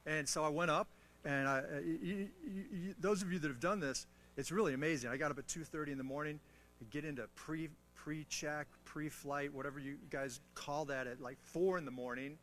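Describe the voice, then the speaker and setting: Addressing military listeners about mentoring, this man spins lively stories and pokes fun at himself and others as a motivational guest speaker. His voice is fairly high and his pace a little fast.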